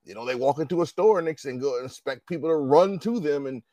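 A man's voice: fairly high pitch, fast talker, warm tone, no echo. A man in his forties in casual chat, telling stories with lots of swearing and acting out quoted dialogue.

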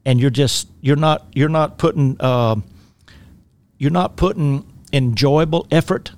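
A man's voice: a little high, unhurried, darkish tone. Folksy man with a Southern drawl. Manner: folksy, rambling, with frequent restarts and fillers. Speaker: life coach and radio host. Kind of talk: faith-based talk radio teaching.

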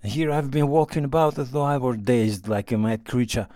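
A man voicing an unhappy young wife who pours out her guilt, pleading and self-reproaching. The voice sits in an ordinary middle pitch, recorded dry and close for a storybook reading. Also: normal speed, warm tone, no room sound, lightly acted. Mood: remorseful. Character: young unhappy married woman, remorseful.

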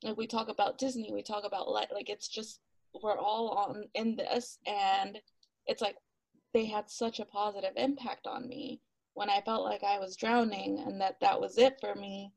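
A talkative woman tells her story as a podcast guest. Her voice has a gravelly fry at the ends of lines, and she laughs often and acts out what people said. The sound is dry and close. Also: mid-range voice, normal speed, no echo, low-quality recording. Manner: animated, laughs often, acts out quotes, many "like" fillers. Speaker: interview guest, runner. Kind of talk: casual storytelling interview.

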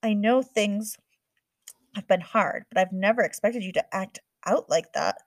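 A woman's voice: mid-range voice, measured pace, dry recording, clean studio sound, natural voice. A woman reading the part of a worried, stern mother scolding her daughter, firm and exasperated.

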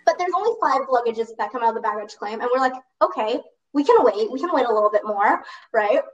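A teenage girl casually telling a long story to a friend, animated, filling her talk with "like" and laughing as she goes. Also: on the high side, fast talker, distant mic, lo-fi sound. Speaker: storyteller recounting a school trip.

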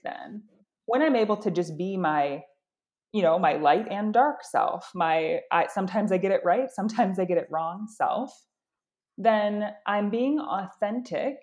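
A woman's voice: medium pitch, a little mellow. A middle-aged woman sharing personal experience in an earnest, self-reflective way, often restarting her sentences. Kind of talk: candid conversational sharing.

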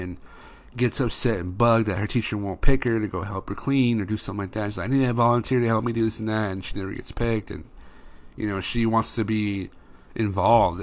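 A young man, a father, telling casual rambling stories about his daughter as a podcast host, full of fillers. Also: on the low side. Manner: rambling, many fillers like "you know". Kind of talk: casual storytelling monologue.

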